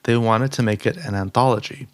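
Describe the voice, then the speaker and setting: A young man co-hosting a podcast in casual chat, upbeat and quick with asides, laughing often. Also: medium pitch, steady tone, clean tone, no room sound. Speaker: podcast co-host.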